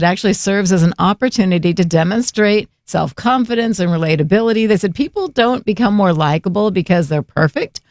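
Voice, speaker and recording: A woman's voice: fairly low pitch, a little mellow, dry recording, studio quality. A woman telling a funny personal story in a casual way and laughing through it.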